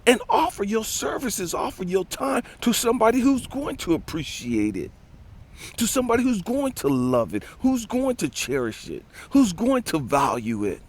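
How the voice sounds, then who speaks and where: A man's voice: high-pitched, very animated, normal speed. A man coaching and ranting outdoors in the wind, telling a story in a blunt, profane, preachy way. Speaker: life coach. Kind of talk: motivational rant.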